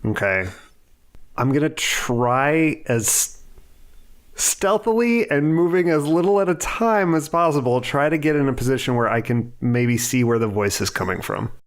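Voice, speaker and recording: A man's voice: medium pitch, expressive. Man, tabletop game player, casual, tentative, joking. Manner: tentative, joking, quick to laugh.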